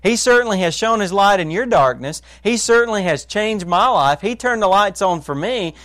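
Pastor, man, high voice, dry close sound; earnest sermon, hushed to emphatic, asks the listeners questions. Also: lively intonation, normal speed, hardly any pauses, no room sound.

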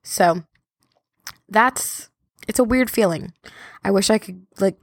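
A woman's voice: lowish voice, a little mellow, no room sound, studio quality. Chatty young woman podcast host. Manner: chatty, rambling, self-deprecating. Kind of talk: casual chat.

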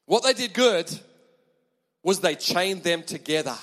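A man preaching a sermon, emphatic and animated, with chatty asides to the congregation. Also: high-pitched, measured pace, long reverb tail.

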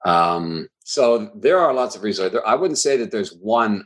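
Animated deep-voiced man telling stories. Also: low-quality recording. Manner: animated storyteller, quick bursts. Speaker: claims training instructor, guest. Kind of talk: conversational interview.

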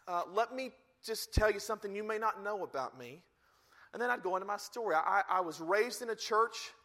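A man preaching a sermon as a pastor, telling stories and acting out the people in them with lively energy. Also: high-pitched. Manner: animated storytelling, acting out quoted lines.

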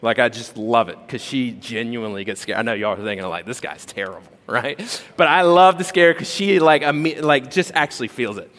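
Animated male pastor in echoing hall. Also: mid-range voice, moderate pace, few pauses. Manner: conversational and animated, full of rhetorical questions. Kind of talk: sermon. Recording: long reverb of a large hall.

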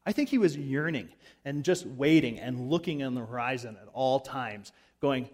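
A man's voice: mid-range voice, animated, moderate pace, a little mellow. Preaching man in a reverberant hall. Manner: conversational preaching, acts out voices in retold scenes. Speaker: pastor. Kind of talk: sermon. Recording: long reverb of a large hall.

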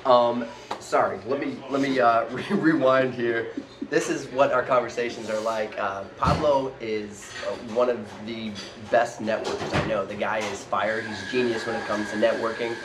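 A man's voice: medium pitch, fairly even intonation, normal speed. A man hosting a casual podcast in a coffee shop, upbeat and rambling with lots of fillers. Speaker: podcast host. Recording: echoey coffee shop with loud background noise. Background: coffee shop chatter.

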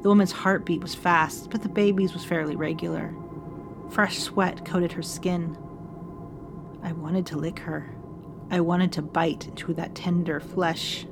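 A woman narrating a first-person gothic story in a measured, solemn, intimate voice, like reading a letter aloud. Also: lowish voice, steady tone, creaky, over music.

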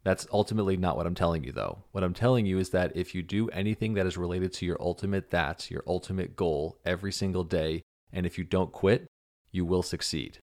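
A man's voice: low voice, brisk, a little mellow. A man hosting a motivational podcast, talking emphatically and bluntly, sometimes swearing for emphasis. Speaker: podcast host.

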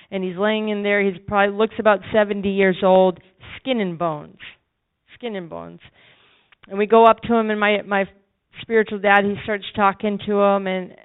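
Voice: medium pitch, clean tone, phone-quality sound. A preacher giving a sermon testimony, telling a story with emphatic repetition.

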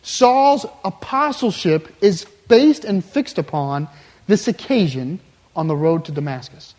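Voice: mid-range voice, expressive, unhurried, a little mellow. Emphatic preacher, mid-range voice, builds with repetition; big reverberant hall. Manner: emphatic, builds with repeated phrases. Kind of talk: sermon.

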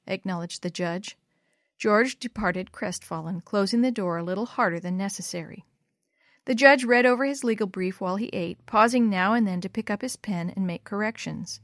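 A woman's voice: mid-range voice, dry recording. Woman reading a storybook, dry close sound. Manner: clear, measured storytelling. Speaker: narrator.

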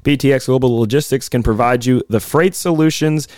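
A man's voice: medium pitch, fairly quick, darkish tone, no echo. Laughing storyteller man with a dry sound. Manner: laughs often while telling stories, swears freely. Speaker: podcast co-host. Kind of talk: casual storytelling chat.

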